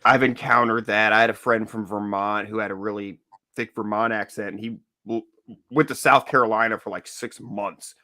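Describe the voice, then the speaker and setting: A man from Florida chatting casually as a podcast host, telling animated stories and laughing often. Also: on the low side, normal speed. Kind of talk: casual chat.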